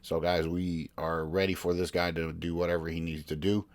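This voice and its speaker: Podcast host, male, very low voice; casual, rambling news commentary that keeps breaking off to search the page. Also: little pitch movement, moderate pace. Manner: rambling, self-interrupting, reads articles aloud.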